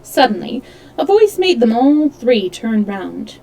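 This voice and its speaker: A woman reading a classic novel aloud on a livestream, expressive, now and then stumbling and correcting herself. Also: on the high side, takes it slowly, vocal fry, slight background noise, rough recording. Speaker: storyteller.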